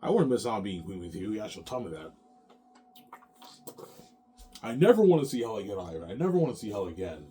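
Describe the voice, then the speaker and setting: A man's voice: fairly low pitch, big pitch swings, racing, mellow, slight background noise. A man doing a tearful pleading wife. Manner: pleading, repeating his name.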